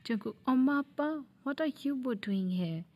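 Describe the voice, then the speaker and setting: A woman's voice: high-pitched, expressive, moderate pace, lo-fi sound. A woman voicing a cold, possessive young male mafia heir in a fan audio drama, speaking in a teasing, often whispery tone.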